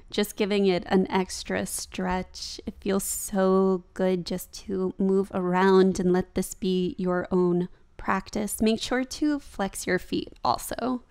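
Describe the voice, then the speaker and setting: Young woman, slow-paced, casual chatty yoga voice-over, self-amused. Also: medium pitch, fairly even intonation, a little mellow, clear, resonant tone. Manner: casual, chatty, laughs at herself. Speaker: yoga vlogger. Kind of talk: voice-over commentary on yoga practice.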